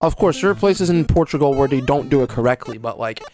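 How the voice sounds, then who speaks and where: A man's voice: mid-range voice, expressive, quick pace, darkish tone, soft background music. A young man from Brazil, chatting casually on a speedrun stream in rambling, slangy speech and muttering at his own gameplay. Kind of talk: casual livestream chat while playing.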